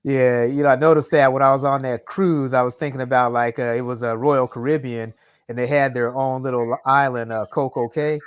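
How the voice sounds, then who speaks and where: A man's voice: medium pitch, steady tone, brisk, clear, resonant tone, no room sound. A man on a radio panel telling a story in a conversational, filler-heavy way. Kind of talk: casual radio panel chat.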